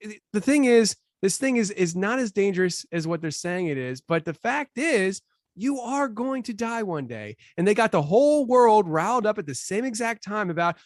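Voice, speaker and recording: A man chatting as a podcast guest, animated and laughing, his voice jumping high when he gets riled up. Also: normal speed, no echo, studio quality. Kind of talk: casual podcast chat.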